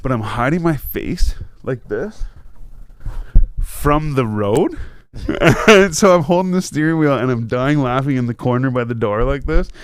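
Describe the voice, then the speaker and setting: A man hosting a podcast, telling a wild story in a casual, animated way with lots of swearing and laughter. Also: medium pitch, unhurried, clear, resonant tone, no echo. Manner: animated, laughing, swears a lot, acts out voices. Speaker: podcast host.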